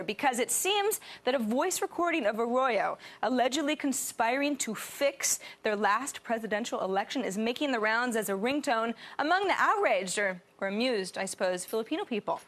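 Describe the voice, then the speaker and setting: Woman host, wry tech-news read, slightly higher voice. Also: a bit bright. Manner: sarcastic, joking asides.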